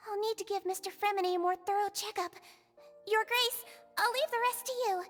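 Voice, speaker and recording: A woman voicing a tiny, gentle female nurse creature who speaks softly and politely. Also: very high-pitched, fairly quick, long reverb tail, loud music behind the voice. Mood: polite, earnest. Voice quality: sweet, polite, soft-spoken. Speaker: game character.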